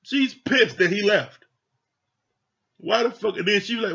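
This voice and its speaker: A man's voice: high voice, measured pace, gravelly, bright, forceful tone, husky. Blunt, profane man ranting on a dull recording. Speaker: reality TV reviewer. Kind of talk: casual ranting review. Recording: dull lo-fi sound.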